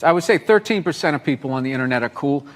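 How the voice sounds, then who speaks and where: A man's voice: on the high side, expressive, very fast. A man who is a guest on a talk show, joking bluntly and cursing as he answers questions. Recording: studio audience, noisy broadcast.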